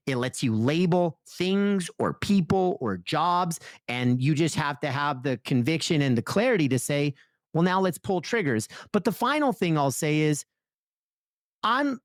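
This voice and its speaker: Animated man telling stories in an interview. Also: fairly high pitch, no echo, clean studio sound. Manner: energetic, animated storytelling with lively voiced asides. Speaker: podcast guest, author. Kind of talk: conversational interview.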